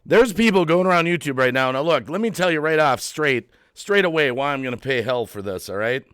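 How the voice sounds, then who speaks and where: A man hosting his own channel's live stream, agitated and worked up, repeating phrases and swinging between quiet and loud. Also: on the high side, animated, a little fast, clear, resonant tone, no echo. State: agitated, heart racing. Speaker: YouTube channel host. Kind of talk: emotional live-stream rant.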